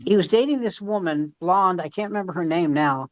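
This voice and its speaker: A man's voice: sits high, a little fast, no echo. A middle-aged male comedian telling rambling, profane backstage anecdotes in casual chat, with frequent restarts. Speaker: stand-up comedian. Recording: slightly muffled dry recording.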